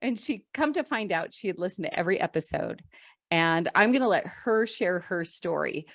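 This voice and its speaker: Woman podcast host, lowish voice, dry close sound, effusive and heartfelt. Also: lively intonation, moderate pace, gravelly, a bit bright, dry recording. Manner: effusive, gushing praise. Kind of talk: heartfelt podcast introduction and chat.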